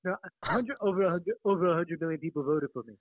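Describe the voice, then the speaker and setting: A man's voice: high-pitched, fast talker, dry recording. A man putting on the voice of a boastful older male politician who insults and brags as a prank caller. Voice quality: exaggerated bragging impression. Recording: tinny phone line.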